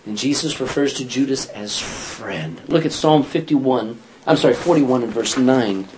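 Over a noisy background, a man of medium pitch speaks a little slowly as he leads an informal Bible study. He narrates the stories in a chatty, animated manner, acting out lines, laughing, and correcting himself.

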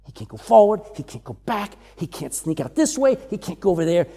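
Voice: medium pitch, sing-song, brisk, hardly any pauses, mellow, big-room sound. A preacher giving a sermon, reading verses aloud and acting out the voices of the people quoted. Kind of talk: sermon teaching on scripture.

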